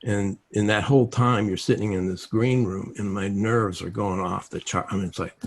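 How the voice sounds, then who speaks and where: A man's voice: fairly low pitch, normal speed, a little hiss or hum. A man giving a casual self-help teaching talk over a video call, telling stories and acting out the dialogue in them. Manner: animated storytelling, acts out quoted dialogue.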